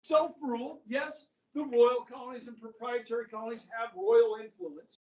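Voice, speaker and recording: A man's voice: very high voice, fairly even intonation, normal speed, a little mellow, recorded from a distance, highs cut off. A middle-aged male history teacher lecturing a class in a chatty way, often checking in with his students. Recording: echoey classroom, voice from afar.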